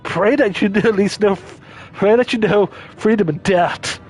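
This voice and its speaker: A man's voice: sits high, unhurried, darkish tone. A man voicing a laid-back male surfer-dude freedom fighter who throws out drawling, scornful retorts. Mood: defiant.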